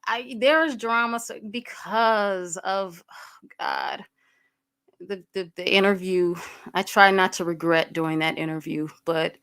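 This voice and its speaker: A woman's voice: medium pitch, measured pace, fairly bright tone, smooth. A woman hosting a livestream, talking candidly to her viewers and greeting people in the chat as they arrive. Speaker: livestream host.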